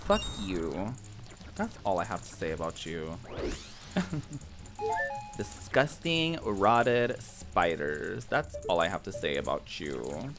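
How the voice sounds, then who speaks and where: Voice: deep voice, big pitch swings, slow pace, pauses often. A streamer giving casual live commentary while playing a video game, exclaiming, laughing and swearing at the game. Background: game music.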